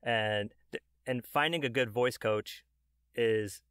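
A man's voice: mid-range voice, takes it slowly, a bit bright, smooth, no room sound, clean studio sound. A man hosting an interview about voiceover, asking earnest questions with some stumbling restarts. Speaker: podcast host. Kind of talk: casual interview chat.

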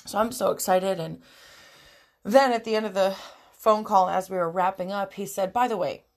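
A woman's voice: mid-range voice, normal speed. A young woman talking in an emotional personal vlog, tearful and crying as she speaks, swearing freely. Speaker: vlogger.

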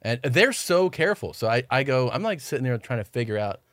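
A man's voice: mid-range voice, sing-song, fairly quick, a bit bright, no echo, clean studio sound. A man chatting as a podcast guest, telling a long story with swearing and acted-out quotes. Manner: rambling, swears, acts out quoted dialogue. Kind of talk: casual storytelling chat.

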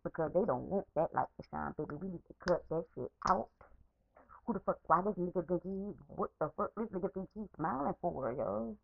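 A woman's voice: lowish voice, fairly quick, gravelly, dry recording, narrow, tinny audio. A woman podcaster in an angry, unscripted rant, swearing heavily and repeating herself, recorded as a phone voice message. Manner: profane, repetitive, heated.

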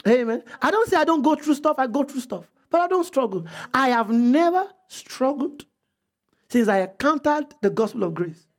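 High-voiced, emphatic preacher. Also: big pitch swings, normal speed. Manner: emphatic, repetitive, bursts of shouting. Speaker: pastor. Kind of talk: sermon.

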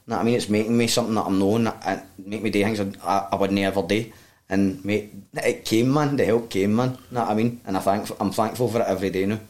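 A man's voice: lowish voice, fairly even intonation, fast, darkish tone. A man with a Glaswegian accent telling his own story as a guest, in a sweary, heartfelt, rambling way. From Glasgow, Scotland. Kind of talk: candid personal storytelling.

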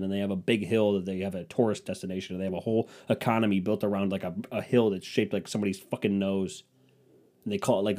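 Rambling low-voiced podcast guy. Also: dark tone. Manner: rambling, crude, self-mocking with put-on quotes. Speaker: podcast host. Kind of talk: solo comedic storytelling.

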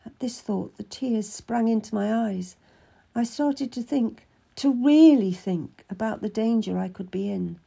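A woman's voice: mid-range voice, normal speed, vocal fry, warm tone, slightly rough. A woman reading a first-person story aloud in an earnest, emotive way. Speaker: narrator.

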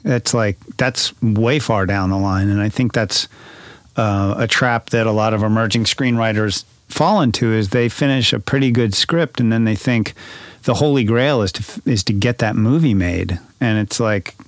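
A man's voice: on the low side, moderate pace, no echo. A man co-hosting a podcast, speaking thoughtfully and rambling, often correcting himself mid-sentence. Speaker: podcast co-host. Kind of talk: casual chat.

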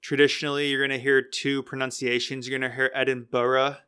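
A young man hosting a casual solo podcast, talking in a relaxed, rambling way that often corrects itself. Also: medium pitch, fast talker, smooth. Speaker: podcast host.

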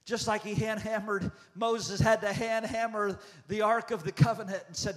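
Pastor in his fifties, a man with a very high voice, fervent and repetitive delivery. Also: fairly even intonation, normal speed, few pauses, a bit bright. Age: 50s. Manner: impassioned, repetitive preaching cadence. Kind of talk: prophetic sermon.

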